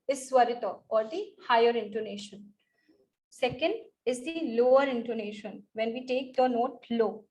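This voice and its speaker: A woman teaches mantra chanting over a video call. Her voice sits a little high, and she talks in a careful explaining way, pausing to sound out words one by one. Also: a little mellow, rough recording. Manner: explanatory, demonstrates pronunciations aloud. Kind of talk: online lesson on chanting.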